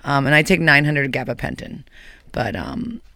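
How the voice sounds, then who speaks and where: A woman's voice: very deep voice, expressive, moderate pace, pushed and bright, no room sound. A woman talking candidly as a guest, rambling in a hyper, restless way, recorded on a dry close mic. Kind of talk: candid personal talk.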